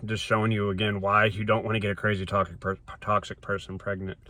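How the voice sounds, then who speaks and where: A man's voice: fairly low pitch, little pitch movement, fast talker, bright, forceful tone, no room sound. A man telling a personal story to a phone camera from inside his car, rambling and emphatic, with frequent restarts. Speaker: vlogger.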